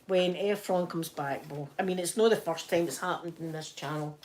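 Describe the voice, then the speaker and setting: A woman's voice: fairly low pitch, moderate pace, darkish tone, slight background noise. Giggly Scottish woman chatting live. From Scotland. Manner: chatty and giggly, often breaking into laughter. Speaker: ASMR livestream host. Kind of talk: casual live-stream chat with viewers. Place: at home, ironing.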